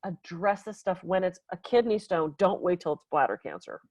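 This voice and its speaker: A woman massage therapist tells client stories on a podcast, her slightly low voice jumping up and down as she acts out each quote. The sound is dry and close, with no room around it. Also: moderate pace, dry recording, poor audio. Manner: animated, acts out quotes with big pitch jumps, laughs often. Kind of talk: casual storytelling.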